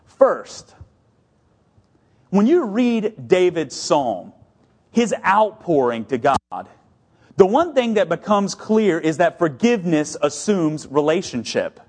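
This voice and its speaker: Male pastor, middle-aged, fairly high voice, storytelling sermon delivery that moves between brisk and deliberately slow. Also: big pitch swings, darkish tone, breathy edge.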